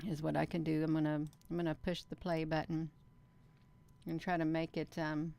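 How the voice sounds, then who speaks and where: A woman's voice: sits low, little pitch movement, normal speed, creaky, mellow. A woman hosting a casual livestream, chatting to her viewers and often talking to herself as she works. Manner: chatty, often addresses viewers as "you all", talks to herself. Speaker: livestream host.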